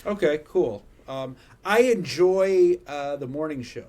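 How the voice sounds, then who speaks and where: A man's voice: fairly high pitch, lively intonation, slow pace, darkish tone. Easygoing male podcast co-host. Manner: loose, swears freely, trails off mid-thought. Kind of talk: casual chat.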